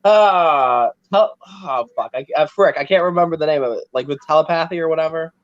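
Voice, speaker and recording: A man's voice: fairly high pitch, a little fast, dry recording, muffled recording. A man hosting a casual chat while building a set, joking and rambling with self-mocking humor.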